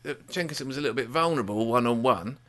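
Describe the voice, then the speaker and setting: A man's voice: medium pitch, fast, fairly bright tone. A man co-hosting a casual football chat, jokey and given to breaking into silly voices. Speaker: football podcast co-host.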